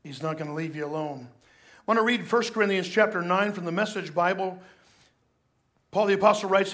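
Man, pastor, sermon, emphatic delivery, high pitch. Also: a little fast, long pauses, a bit bright. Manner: earnest, emphatic scripture reading.

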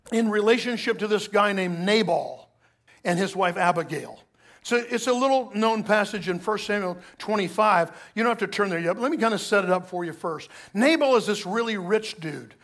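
A middle-aged male pastor preaching a sermon, telling a personal story with lively asides to the congregation. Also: sits high.

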